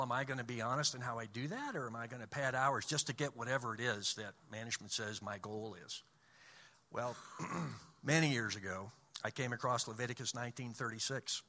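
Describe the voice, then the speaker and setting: A man's voice: medium pitch, pushed and bright. A middle-aged man giving an earnest storytelling talk of faith and fear at work, acting out the voices he quotes. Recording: long hall reverb.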